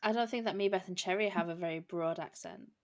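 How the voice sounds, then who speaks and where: A woman in her late thirties co-hosts a relaxed podcast and tells everyday stories in a chatty way. Her voice sits slightly low. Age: 30s. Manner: chatty storytelling, quick laughs. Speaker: podcast co-host. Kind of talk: casual chat.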